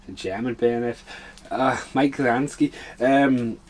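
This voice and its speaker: A man's voice: medium pitch, takes it slowly, a little mellow. A man casually chatting and swearing his way through a film commentary for his podcast. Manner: swears a lot, chatty and offhand.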